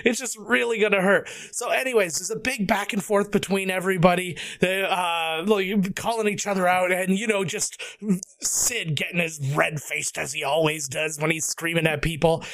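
Casting: high-pitched male podcast panelist, dry close sound, lively storyteller. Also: normal speed, no echo. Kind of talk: casual storytelling chat.

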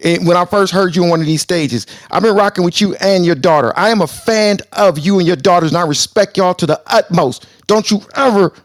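A man co-hosting a live talk show, arguing hard and pressing his guest. His voice sits a bit high for a man, and it comes across dry and close to the mic. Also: dry recording. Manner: loud and combative, then deliberately calming down. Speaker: show co-host.

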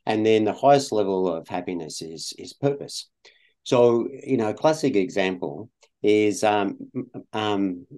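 A man's voice: fairly low pitch, a little slow, dark tone. An Australian man, a guest in an interview, talking in a rambling way with many fillers and restarts. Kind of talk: conversational interview.

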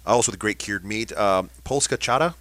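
An upbeat male radio host chatting casually with guests in the studio. His voice is bright and forward, and he moves easily from reading listener messages to friendly banter. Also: fairly low pitch, normal speed. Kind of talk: casual on-air chat.

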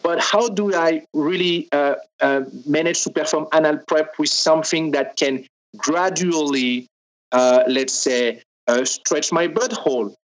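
A man's voice: a little high, rough recording. Man with a strong French accent. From France. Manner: careful, explaining step by step with many pauses. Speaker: guest, sex toy maker. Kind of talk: interview explanation.

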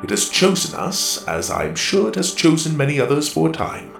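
A man voicing a wise, calm male mentor in a storybook, measured and gently persuasive. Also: a little high, vocal fry, reverberant, faint music behind, pitched above the performer's own voice, exaggerated voice. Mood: reflective.

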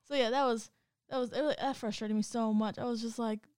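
Animated woman telling a story. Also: on the high side, a little fast, clean tone, no room sound, studio quality. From Hispanic background. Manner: animated, acts out quoted dialogue. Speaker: podcast co-host. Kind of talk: casual chat, storytelling.

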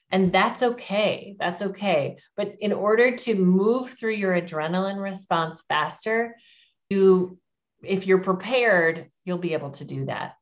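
A middle-aged woman giving public speaking advice as an interview guest, in an encouraging, emphatic coaching tone. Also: medium pitch.

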